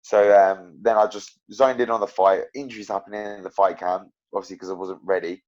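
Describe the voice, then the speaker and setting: A man's voice: fairly low pitch, brisk. A young man and professional fighter, talking casually as a guest, rambling with lots of fillers and restarts. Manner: rambling, full of fillers and restarts, animated storytelling. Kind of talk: casual interview chat. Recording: dull lo-fi podcast audio.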